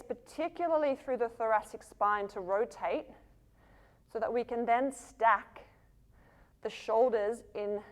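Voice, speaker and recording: A woman leads a yoga flow, calling poses and breaths in a measured, slow cadence. Her voice sits slightly high, and she is breathing heavily as she moves through the poses with the class. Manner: calm cueing of poses and breath. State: breathing heavily while moving. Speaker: yoga teacher.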